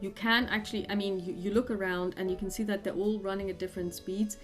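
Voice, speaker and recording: A woman narrates as the game master of a tabletop game, describing each scene in an unhurried, halting way. Her voice sits at a middling pitch, and soft music plays underneath. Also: fairly even intonation. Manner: descriptive, with frequent fillers and restarts.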